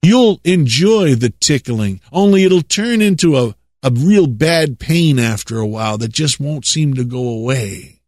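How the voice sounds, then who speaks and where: A man's voice: mid-range voice, lively intonation, unhurried, a little mellow, no echo, studio quality. A man preaching a sermon in a sarcastic, lecturing way, chuckling at his own remarks.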